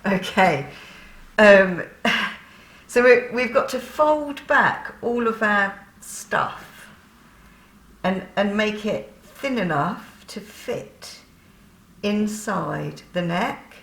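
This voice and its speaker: A woman's voice: mid-range voice, a bit bright, roomy sound. A woman chatting through a sewing tutorial, laughing often and poking fun at herself.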